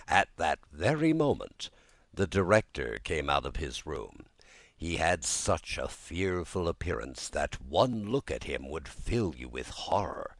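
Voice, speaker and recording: Deep-voiced man narrating a storybook. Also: unhurried, no room sound. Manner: expressive, dramatic reading. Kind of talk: audiobook narration.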